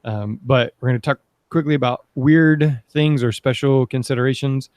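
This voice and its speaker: A mid-pitched man hosts with an upbeat, chatty flow, wandering into asides and then pulling the talk back on track. The sound is close and dry. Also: moderate pace, a little mellow, dry recording. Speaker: podcast host. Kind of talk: casual panel discussion.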